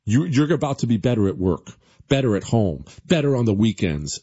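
A man's voice: expressive, brisk, warm tone, slightly rough. Sarcastic male talk radio host. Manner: sarcastic, mocking, pitchy sales patter. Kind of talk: opinionated talk radio with live ad reads. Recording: dull lo-fi radio audio.

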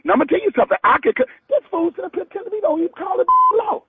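A man on a phone call, loud and exasperated, swearing as he argues. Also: very high-pitched, sing-song, rapid-fire, no room sound. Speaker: prank call target. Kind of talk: phone conversation.

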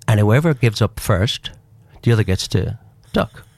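A man voicing a gruff male farmer inside a joke he tells on a radio show. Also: lowish voice, lively intonation, measured pace, darkish tone, no echo. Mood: stubborn.

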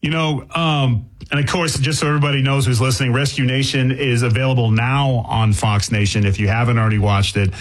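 A man's voice: mid-range voice, level tone, a little fast, hardly any pauses, rough recording. A man from Boston hosting a casual radio interview, asking loose, restarting questions. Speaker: radio host.

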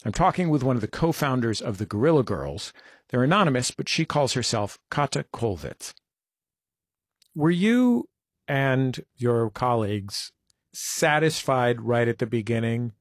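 A man's voice: mid-range voice, very animated, a little slow, no room sound. A man with a mid-range voice hosts an interview, setting up long questions and slipping in dry jokes. He sits close to the mic in a dead, dry room. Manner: wry, joking, long framing questions. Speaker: radio interview host. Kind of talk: conversational interview.

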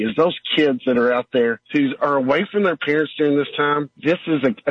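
A man's voice: mid-range voice, no room sound. Volunteer guy talking from the heart, muffled dry recording. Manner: heartfelt, earnest. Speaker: charity volunteer. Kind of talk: recorded testimonial clip. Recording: dull, dry lo-fi audio clip.

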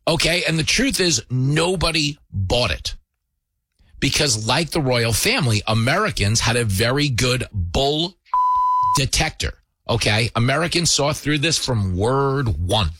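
A man's voice: mid-range voice, animated, measured pace, pushed and bright, no room sound. A man hosting a show, delivering a sarcastic, mocking comedy monologue.

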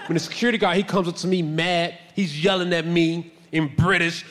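A young adult man doing stand-up, telling self-mocking stories loudly and acting out voices. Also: fairly high pitch, a little fast, a little hiss or hum. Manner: loud, animated, self-mocking, acts out voices. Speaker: stand-up comedian. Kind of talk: stand-up storytelling. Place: stage in a large hall. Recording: live hall with long reverb.

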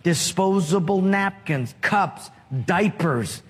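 A man's voice: high voice, slow, fairly bright tone, husky. A male pastor preaching a sermon, asking rhetorical questions and drawing call-and-response from the congregation. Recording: long reverb of a large hall.

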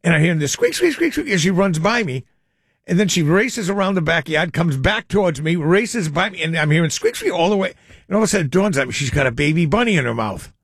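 A man's voice: on the high side, a bit bright, no room sound, clean studio sound. Chatty older male radio host. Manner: rambling storyteller, chuckles often. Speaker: radio call-in show host. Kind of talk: casual radio chat.

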